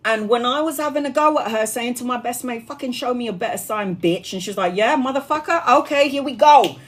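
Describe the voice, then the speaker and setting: A woman's voice: a little high, a little fast. Woman, tarot streamer, loose chatty storyteller, swears, laughs a lot, worn out from a long stream. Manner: chatty and animated, laughs often, swears freely. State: tired after hours live. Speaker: tarot reader streaming live. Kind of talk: casual live-stream chat.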